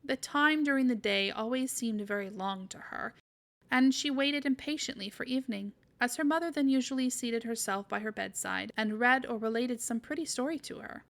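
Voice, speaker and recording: A woman storyteller reading a classic story aloud in a measured, expressive way. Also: on the high side, vocal fry. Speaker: podcast storyteller.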